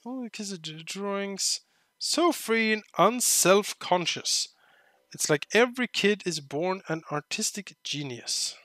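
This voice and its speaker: A man playing a game on video, reading its narration aloud and adding joking comments, sometimes shouting in outrage. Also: a little high, no room sound. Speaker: let's play commentator.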